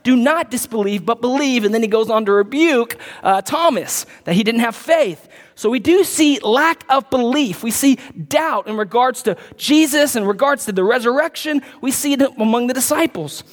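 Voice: mid-range voice, animated, moderate pace, long reverb tail. A pastor preaching a sermon in a conversational way, reading scripture aloud and adding casual asides to the congregation.

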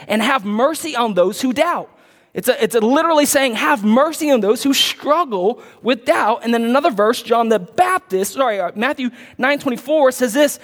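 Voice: medium pitch, big-room sound. A pastor preaching a sermon in a conversational way, reading scripture aloud and adding casual asides to the congregation.

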